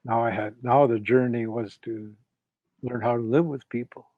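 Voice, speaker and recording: An older man from Canada, a guest in an interview, slowly and reflectively telling a personal story and retelling what others said. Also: mid-range voice, steady tone, no room sound. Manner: slow, reflective, retells quoted speech. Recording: dull lo-fi dry sound.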